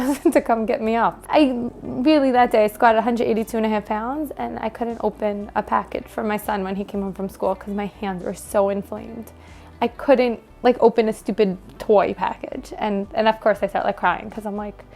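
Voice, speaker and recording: A woman in her thirties with a New York accent speaks in a gravelly, fry-laden voice, telling her own story in a halting, emotional way with plenty of fillers and restarts. A little music plays faintly underneath her. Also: a little high, a little mellow. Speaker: gym member interviewed by her coach. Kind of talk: candid personal conversation.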